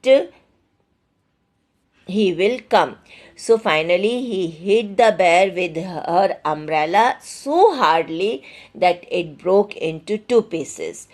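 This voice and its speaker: Going through a school reading lesson, an Indian woman teacher reads the story out loud and re-explains each part more simply, mixing in Hindi now and then. Her voice is fairly low with a darkish tone.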